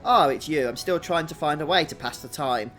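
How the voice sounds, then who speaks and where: A man's voice: a little high, brisk, a bit bright, slight background noise, natural voice. A man voicing a folksy older male villager from a video game who calls the listener boy.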